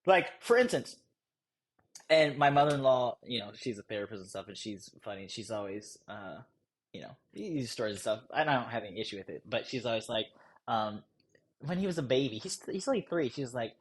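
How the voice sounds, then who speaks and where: A man's voice: brisk, a little hiss or hum, poor audio. A man coaching a live group in a casual, rambling way, joking and chuckling as he talks. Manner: animated, rises high when mocking. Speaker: sales coach leading a training program.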